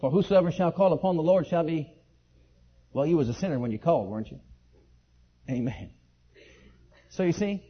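A man preaching a sermon and telling his own testimony, leaping from high excited outbursts to low quiet asides. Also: husky. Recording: dull lo-fi sermon recording.

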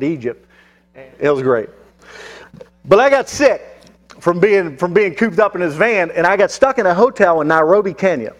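A male pastor telling a mission story in a sermon, with fillers and restarts. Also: fairly high pitch. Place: church.

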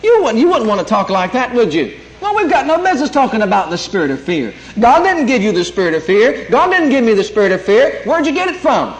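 A man's voice: very high voice, sing-song, fast talker, hardly any pauses. A man preaching a sermon, emphatic and calling out for amens as he teaches. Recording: echoey room, faint noise.

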